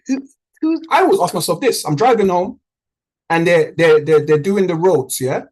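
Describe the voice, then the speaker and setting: A man coaching his trading community on a video call, talking in a punchy, motivational way. His voice is husky and slightly rough. His pitch leaps around animatedly as he drives each point home. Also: rough recording. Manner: animated, punchy, repeats for emphasis.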